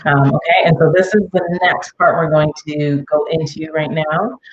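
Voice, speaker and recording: A woman's voice: deep voice, fairly even intonation, normal speed, highs cut off. A middle-aged woman hosting a parenting podcast, giving casual advice with lots of "okay?" and "um". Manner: chatty, frequent "okay?" and "um" check-ins.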